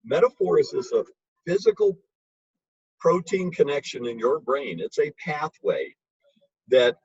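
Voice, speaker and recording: A man's voice: fairly high pitch, lively intonation, unhurried, a little mellow, husky, no room sound. A man giving an informal, emphatic lecture on wine with blunt, chatty asides. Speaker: wine educator. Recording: dull lo-fi recording.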